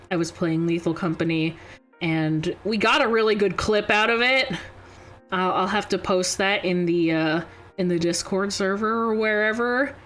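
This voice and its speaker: High-pitched, giggly young woman streamer. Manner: giggly, rambling, animated storytelling. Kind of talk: casual chat.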